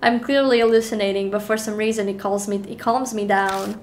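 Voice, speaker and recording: A young woman streaming a horror game, reading the text aloud with animated, giggly reactions between stretches of calm narration. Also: medium pitch, a little fast, a little hiss or hum. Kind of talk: reading a horror visual novel aloud while playing.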